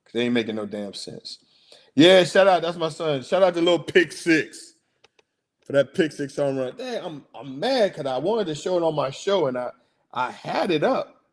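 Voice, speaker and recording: A man hosting a casual sports talk livestream, slangy and excitable, rambling about his picks. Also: fairly high pitch, normal speed. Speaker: sports podcast host.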